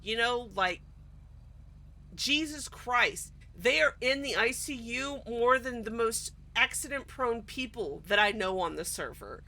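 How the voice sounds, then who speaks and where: A woman's voice: fairly high pitch, animated, a little slow, sharp tone. A woman streamer chatting casually while she plays, exasperated and ranting, swearing often. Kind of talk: casual roleplay stream chat.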